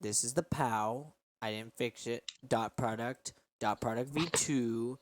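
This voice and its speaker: A man's voice: medium pitch, unhurried, dry recording. A young man hosting a casual stream from his bedroom on a headset, explaining his code in a loose, rambling way. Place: home bedroom.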